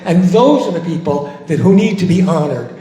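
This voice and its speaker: An older man, a former civil rights volunteer, telling his story at a post-screening discussion, reflective and halting, with many restarts. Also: fairly high pitch, very animated, dark tone. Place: large hall. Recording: echoey hall, faint noise.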